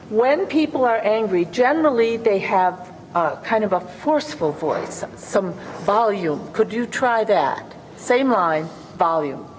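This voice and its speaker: A woman improvising a role-play as a career coach, speaking in a coaxing, mock-earnest way. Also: a little high. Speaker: workshop co-presenter. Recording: reverberant hall, faint hum.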